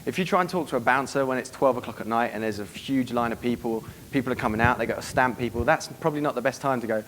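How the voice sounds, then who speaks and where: A man's voice: medium pitch, quick pace, fairly bright tone, a little hiss or hum. A man giving a live seminar talk to an audience, brash and profane, acting out bits of dialogue as he teaches. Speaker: dating coach giving a seminar.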